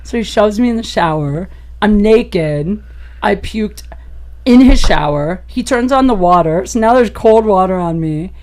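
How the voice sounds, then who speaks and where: A woman comedian, a podcast guest, telling a raunchy personal story in an animated way and laughing as she goes. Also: measured pace. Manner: animated, gets loud and high-pitched as the story peaks; laughs through her own story.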